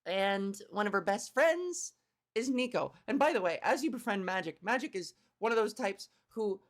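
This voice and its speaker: A woman's voice: medium pitch, normal speed. Exasperated woman in her thirties ranting. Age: 30s. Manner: animated, exasperated, profane. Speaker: comedian podcast host. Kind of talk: comedic podcast rant.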